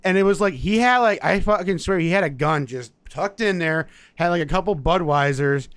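A man's voice: high voice, normal speed, clear, resonant tone, no echo. A young man from Indiana telling crude, profane stories in casual chat among friends. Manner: profane, animated, laughing.

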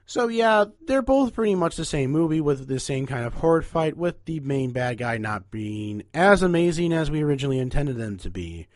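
A man's voice: a little high, lively intonation, moderate pace, hardly any pauses, no room sound, studio quality. A young man with a nasal voice hosting a casual, rambling podcast where he ranks movies. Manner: chatty, rambling, upbeat. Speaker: podcast host.

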